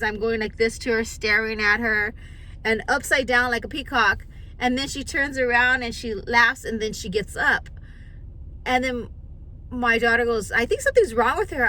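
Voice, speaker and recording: A middle-aged woman tells a personal story straight to camera. Her voice is bright and fairly high, and she keeps restarting her sentences as she acts out the dialogue in an animated way. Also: poor audio. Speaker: vlogger.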